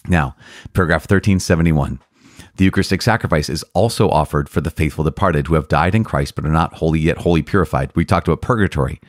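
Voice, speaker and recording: A man, a priest, explaining the Catechism in an earnest, enthusiastic way, often restarting phrases and laughing softly. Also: a bass voice, fast talker, dry recording, clean studio sound. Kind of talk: podcast teaching.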